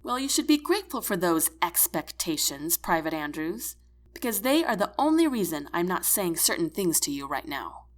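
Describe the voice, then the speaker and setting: A woman's voice: on the low side, big pitch swings, normal speed. A woman voicing a stern, irritated male army nurse in an audiobook, curt and clipped.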